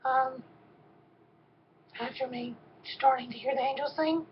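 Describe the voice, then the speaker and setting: Slow, halting woman telling a testimony. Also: sits high, steady tone, highs cut off, a little hiss or hum. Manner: emotional, halting, repeats words. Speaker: storyteller. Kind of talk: personal faith testimony.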